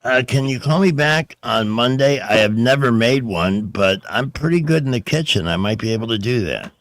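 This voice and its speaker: A man's voice: medium pitch, lively intonation, normal speed, no room sound, studio quality. A man hosting a call-in radio show, chatting in a friendly, easygoing way with callers. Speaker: radio talk show host.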